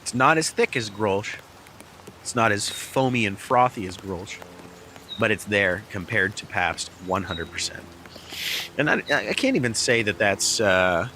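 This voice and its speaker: A middle-aged man with a lowish voice rambles casually about a beer for his review vlog, restarting hesitantly as he goes. He's outdoors in heavy rain, caught on a small camera mic, and the loud downpour fills the background along with a slight hiss or hum.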